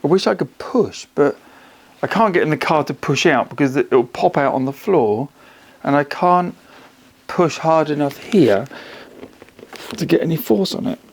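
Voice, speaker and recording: A man's voice: fairly high pitch, lively intonation, normal speed. A man in his home garage, talking to himself and the camera in a casual, self-mocking way while he works. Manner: muttering to himself, wry and self-mocking, straining. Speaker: car restoration vlogger.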